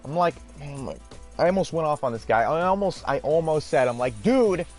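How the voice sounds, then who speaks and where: A man's voice: on the high side, expressive, quick pace, soft background music. A man hosting a gaming video, telling a story in a rambling, exasperated way and swearing casually. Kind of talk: casual storytelling over gameplay.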